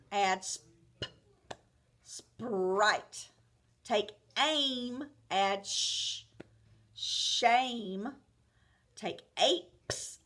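A woman teaching a phonics lesson to young children, slowly modeling sounds and words and giving encouraging praise. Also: medium pitch, bright, forceful tone. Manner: clear, encouraging, drawn-out word modeling with praise.

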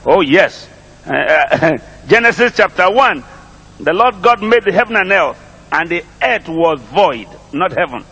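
Husky-voiced Nigerian preacher, lively and slow. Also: male voice, high voice, in a large hall. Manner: calls for congregation responses, repeats phrases, stretches words slowly. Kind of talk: sermon. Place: church congregation.

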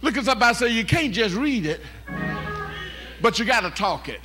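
A male pastor preaching a fervent call-and-response sermon in a church, rising to shouts. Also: very high voice, very animated, fairly quick. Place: church sanctuary. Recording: live church service with organ music behind.

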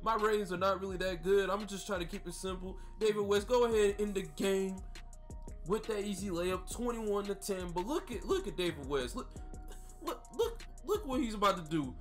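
A man giving excitable, slang-heavy commentary over his basketball video game, hyping his plays and trash-talking his teammates. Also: high voice, fairly quick, soft background music. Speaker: gaming YouTuber. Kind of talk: gameplay commentary.

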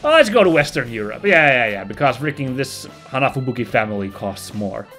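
Chatty young man with lively pitch. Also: brisk, faint music behind. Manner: rambling, self-correcting, chatty. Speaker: let's play host. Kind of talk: casual gameplay commentary.

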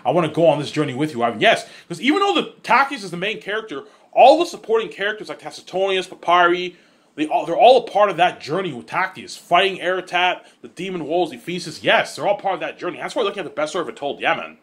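A man rambles at speed in a lively, sing-song voice that sits a little high for a man. He repeats himself, trips over words and swears freely as he gets carried away. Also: quick pace. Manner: excitable, repetitive, swears freely; stumbles and restarts often. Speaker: vlogger. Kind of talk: casual rambling monologue.

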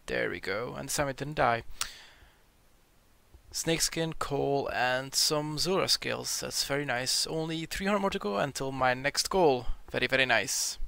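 Sick young guy doing game commentary, gravelly, dry close mic, swears when hyped. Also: mid-range voice, a little slow, no echo. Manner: excitable, swears when surprised, reads out loot drops. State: sick, sounding a bit off. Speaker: gaming video creator. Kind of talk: casual game commentary over gameplay.

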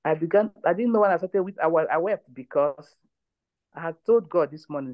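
A woman's voice: fairly low pitch, fairly quick, no room sound. Lady leading a prayer call, emphatic, keeps repeating herself, dull lo-fi sound, dry. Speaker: prayer line leader. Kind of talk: testimony and exhortation.

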